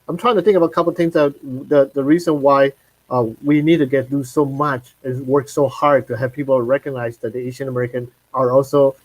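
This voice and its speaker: Halting man hosting a livestream. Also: medium pitch, darkish tone, no echo, rough recording. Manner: halting, searching for words. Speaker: host. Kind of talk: livestream interview.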